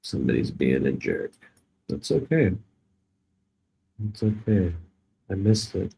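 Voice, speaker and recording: Low-voiced sarcastic live streamer. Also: male voice, sing-song, a little slow, vocal fry, mellow, slightly rough, rough recording. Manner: rambling, joking, sarcastic. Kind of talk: casual live stream chat.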